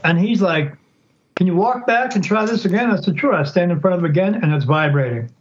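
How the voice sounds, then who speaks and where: A man who is a psychic tells a story briskly as a casual podcast guest, his voice sitting high. He animatedly voices the people he quotes in shifting tones; the recording is muffled with a little hiss or hum.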